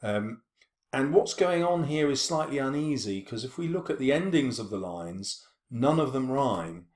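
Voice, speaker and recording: A man teaching a poetry lesson, explaining steadily with frequent ums and slowly stretching out quoted words. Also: medium pitch, lively intonation, darkish tone, reverberant. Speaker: English teacher.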